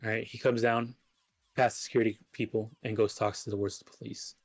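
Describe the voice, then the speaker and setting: A man's voice: lowish voice, level tone, fairly quick, soft background music. Rambling male game master. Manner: rambling, many filler sounds. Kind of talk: narrating a tabletop game.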